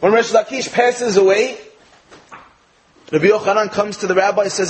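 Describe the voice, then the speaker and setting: A man with an American accent and a fairly high voice delivers a spoken Torah lesson. He tells his story in a lively way and acts out the characters' lines. The talk then turns to its teaching. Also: normal speed, low-quality recording. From United States. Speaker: speaker giving a Torah talk. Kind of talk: sermon with a told joke. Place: speaking in England.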